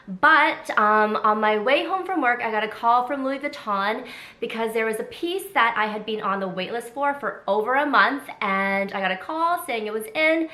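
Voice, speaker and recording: A woman vlogger with a head cold, congested and a little raspy, chatting excitedly through an unboxing. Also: on the high side, normal speed. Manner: chatty and excited, many fillers. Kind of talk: casual unboxing chat. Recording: echoey room.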